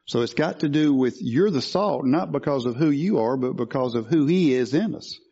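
Animated and moderately paced, a man delivers a sermon in a mellow, slightly rough medium-pitched voice, captured in a muffled recording. He teaches through scripture and asks the congregation questions along the way.

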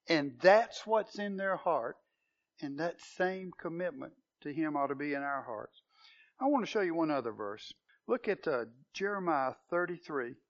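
A man preaching a sermon to a congregation, earnest and questioning, building to emphatic proclamation. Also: a little high. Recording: dull lo-fi sound.

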